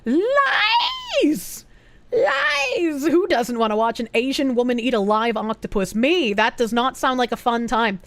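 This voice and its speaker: A woman's voice: fairly high pitch, no room sound. Profane, rambling young woman streamer. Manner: rambling, profane, reads out donations. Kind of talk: casual live-stream chat.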